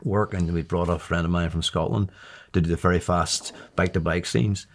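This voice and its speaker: A man in his sixties with a deep voice and fairly even intonation talks a little fast as an interview guest. He tells a long anecdote in a chatty, casual storytelling style, laughing and often restarting his sentences.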